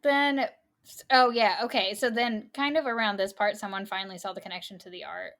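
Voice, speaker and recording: A woman co-hosting a podcast, chatting casually about a movie, quick to laugh and to admit when she's wrong. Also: medium pitch, a bit bright. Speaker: podcast co-host. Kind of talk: casual chat.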